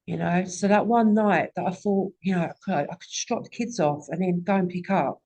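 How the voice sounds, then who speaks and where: A woman's voice: on the low side, brisk, warm tone. Candid woman sharing her story. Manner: raw and candid, swears often. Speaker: recovery meeting speaker. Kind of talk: personal testimony at a recovery meeting.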